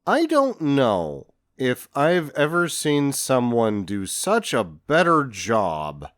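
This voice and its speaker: A man's voice: mid-range voice, huge pitch swings, slow pace. A man co-hosting a casual movie podcast, sharing trivia and dry jokes. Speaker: podcast co-host. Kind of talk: casual comedic movie chat.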